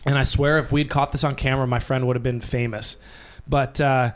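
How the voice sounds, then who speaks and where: A young man telling rambling, animated stories on a casual podcast mic. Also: medium pitch, a little fast, clear, resonant tone. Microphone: podcast microphone.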